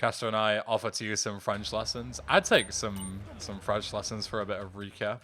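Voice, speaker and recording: A man's voice: on the low side, little pitch movement, normal speed, sharp tone, faint music behind. A young man, chatting casually with viewers while streaming a video game, laid-back with dry asides. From England. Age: young adult. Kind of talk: casual live-stream chat, reading and answering viewers. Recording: game noise in the background. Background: video game sounds.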